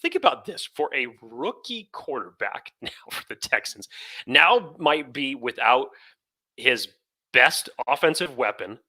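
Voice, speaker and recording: Football podcast guy, super bright sharp voice, talks casual and laughs things off. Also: medium pitch, big pitch swings, unhurried. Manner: chatty, laughs at bad news. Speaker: podcast co-host. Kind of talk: casual sports podcast chat.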